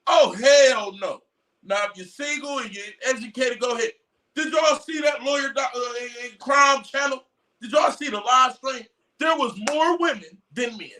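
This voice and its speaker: A man giving a loud, profane, mocking rant of casual commentary on a trial, breaking into shouts. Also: very high-pitched, normal speed, far from the mic. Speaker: commentary streamer.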